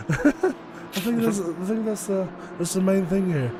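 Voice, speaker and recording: A man's voice: high-pitched, a little slow, over music. A man giving chatty, analytical live commentary on a sim race, laughing often. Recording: noisy with race car sound behind.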